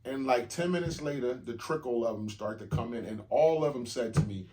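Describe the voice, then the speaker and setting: A man co-hosting a podcast, telling stories in casual chat, animated and swearing freely. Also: mid-range voice, brisk, few pauses, background noise. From Jamaica. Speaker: podcast co-host.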